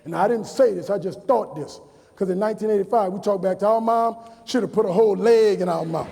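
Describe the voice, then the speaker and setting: A man's voice: high voice, a little fast, creaky, dark tone. A man in his forties from New Orleans, giving a motivational speech to students and telling stories with emphatic repetition. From New Orleans, USA. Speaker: motivational speaker. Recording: long reverb of a large hall.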